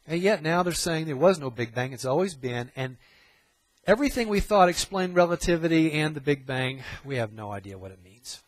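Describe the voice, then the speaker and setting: Man preaching, middle-aged, emphatic, repeats himself for stress, fairly high voice, dry recording. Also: animated, fairly quick, no room sound, low-quality recording. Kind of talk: sermon.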